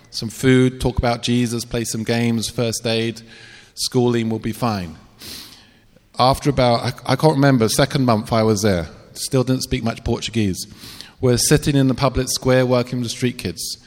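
A man's voice: medium pitch, big-room sound. A man, a missionary preacher telling a personal story in a sermon, earnest with self-deprecating asides. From England.

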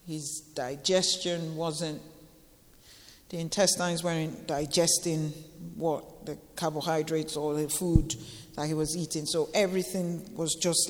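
A woman in her forties sharing an emotional personal testimony with a church gathering, halting and tearful, repeating phrases for emphasis. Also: deep voice, in a large hall.

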